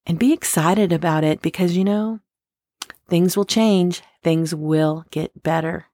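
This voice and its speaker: A woman's voice: fairly low pitch, unhurried, warm tone, no echo, clean studio sound. A woman giving an earnest, encouraging daily devotional talk, asking listeners to work with God. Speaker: devotional speaker.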